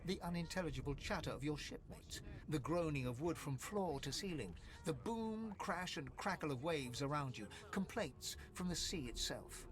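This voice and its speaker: A man reading scripted video game narration in a measured, descriptive storytelling manner. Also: fairly high pitch, lively intonation, fairly bright tone.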